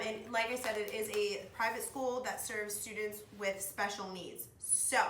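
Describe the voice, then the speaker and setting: Bright, gushing young woman vlogging. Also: medium pitch. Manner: gushing, excited, lots of "like" and "oh my gosh". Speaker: vlogger, speech-language pathology assistant. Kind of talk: casual chat to camera. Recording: echoey room, mic at a distance, faint noise.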